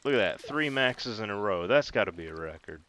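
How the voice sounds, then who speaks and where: A man's voice: on the low side, animated, fairly quick, background noise. A man giving casual, joking and self-mocking commentary while playing a video game. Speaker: gaming video host.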